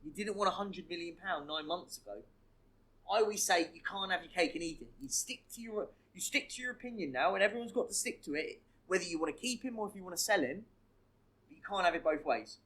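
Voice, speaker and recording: Male podcast co-host, high voice, animated, opinionated, keeps restarting sentences. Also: quick pace, rough recording. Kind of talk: casual football podcast chat.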